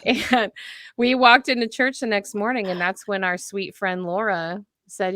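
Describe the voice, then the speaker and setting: A woman in her thirties, a radio host, chatting as a podcast guest and telling stories with lively, expressive delivery. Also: medium pitch, measured pace, no room sound, clean studio sound. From United States. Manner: animated storyteller, acts out voices. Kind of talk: casual chat.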